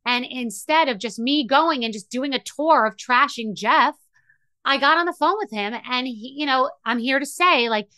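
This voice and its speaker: A middle-aged woman hosts a podcast in a candid, emotional monologue, rambling and restarting as she goes. Her voice is bright and forceful, sitting slightly high. The recording is dry and close. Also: moderate pace, no room sound. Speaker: podcast host.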